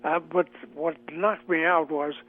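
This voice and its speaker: A man's voice: a little high, fairly even intonation, no echo. Older male comic-actor guest, phone-quality audio, chatty with lots of fillers. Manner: chatty, halting with many fillers. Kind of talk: radio interview, reminiscing. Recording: tinny phone line.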